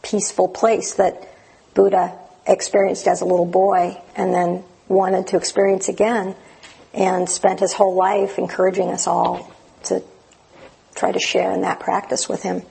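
A woman teaching meditation in a dharma talk, gentle and unhurried with many fillers and restarts. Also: medium pitch, monotone, low-quality recording. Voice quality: gravelly, very husky.

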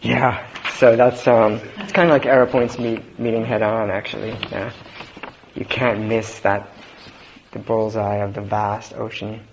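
Male Zen teacher, unhurried, halting delivery, muffled lo-fi recording. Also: fairly low pitch, creaky. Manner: relaxed, halting, with frequent fillers and soft laughs. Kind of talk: dharma talk. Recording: dull lo-fi recording with faint noise.

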